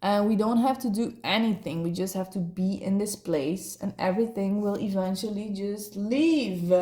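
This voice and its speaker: A woman's voice: medium pitch, moderate pace, hardly any pauses, warm tone, echoey room. A woman giving a casual spiritual reading, rambling and laughing, dropping slang like "bruh" and "eh". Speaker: tarot reader.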